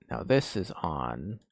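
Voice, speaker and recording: A man's voice: low voice, vocal fry, no room sound. A man producing music on a stream, thinking aloud in a laid-back, slangy way and muttering half-finished thoughts as he works. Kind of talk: casual thinking-aloud commentary while mixing.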